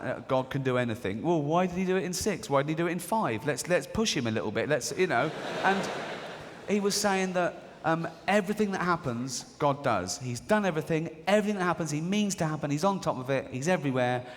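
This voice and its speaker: An English man in his forties performs stand-up on a large theatre stage, his fairly high voice ringing out with a long reverb tail. He mocks his targets, slips into silly voices for the people in his stories, and giggles at his own punchlines. The theatre ambience sits clearly behind him. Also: expressive, quick pace, a little hiss or hum. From England. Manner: mocking, acts out characters in voices, giggles at own jokes. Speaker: stand-up comedian. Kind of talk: live stand-up routine. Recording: live theatre recording with long reverb and audience. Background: audience laughter.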